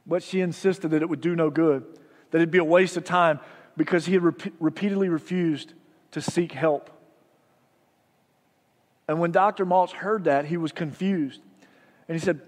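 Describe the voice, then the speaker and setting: A male pastor preaching a sermon, telling a story with soft, hushed passages and loud rises. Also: a little high, steady tone, normal speed, pauses often. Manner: storytelling, dropping soft for drama and rising loud. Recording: long hall reverb.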